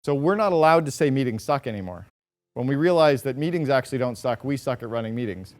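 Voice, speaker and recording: A man's voice: medium pitch, lively intonation, quick pace, faint music behind. A man giving a motivational business talk to a live audience, direct and emphatic, with punchy short lines. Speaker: speaker addressing an audience.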